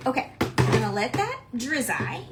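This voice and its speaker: A woman chatting casually on a livestream while she paints, gushing, excitable and bursting into squeals, then dropping to whispers. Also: sits high, moderate pace, very noisy.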